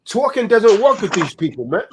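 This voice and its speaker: A man's voice: high voice, big pitch swings, fairly quick, a little hiss or hum. A man delivering a heated, profane political rant in a preaching manner, tagging "man" onto his lines.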